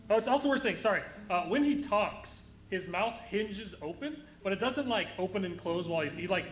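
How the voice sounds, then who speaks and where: A man leads a tabletop game session, building his scene descriptions in loose, self-correcting stretches. His voice sits a bit high. The sound carries a roomy echo. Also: fairly bright tone, slight background noise. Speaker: game master. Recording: echoey room.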